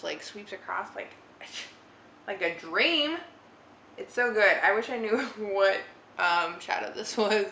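A woman's voice: mid-range voice, pushed and bright, a little hiss or hum. A young woman chatting casually through a makeup tutorial in her living room, rambling and giggly with lots of "like". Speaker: beauty vlogger. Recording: roomy living room with faint ambience.

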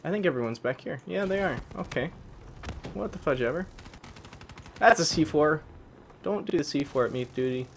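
A young man giving excitable live commentary on a video game, yelping and swapping swears for "fudge". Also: fairly high pitch, moderate pace, creaky, long pauses, a little hiss or hum. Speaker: gaming channel host.

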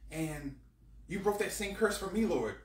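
Earnest praying guy, kinda high bright voice, far from the mic. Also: expressive, normal speed. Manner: earnest, repeating thanks. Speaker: prayer leader. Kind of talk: spoken prayer. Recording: echoey room from far off, faint noise.

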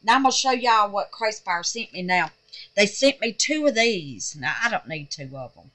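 A woman's voice: mid-range voice, animated, moderate pace, sharp tone. A woman chatting through a soap-making vlog, gushing and exclaiming and calling her viewers honey and babies. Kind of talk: casual craft vlog chat.

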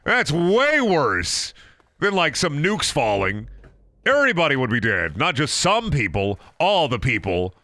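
A young man chatting on a gaming livestream keeps restarting his sentences as he rambles and jokes. His medium-pitched voice swoops wildly and sounds sharp, at a moderate pace with no room sound.

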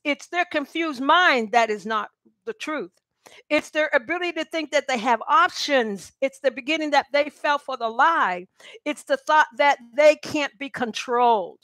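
A woman's voice: sits high, a bit bright, no room sound. Earnest woman preaching with dry close sound. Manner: earnest, exhorting, quotes scripture and speaks to listeners directly. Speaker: Bible teacher. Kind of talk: sermon.

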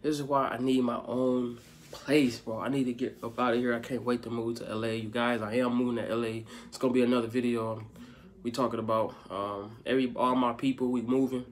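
A young male vlogger answers fan questions in a casual, rambling video packed with fillers, his manner laid-back. His medium-pitched voice stays level and moves fairly quickly. Faint music plays behind him, with a little hiss or hum on the recording.

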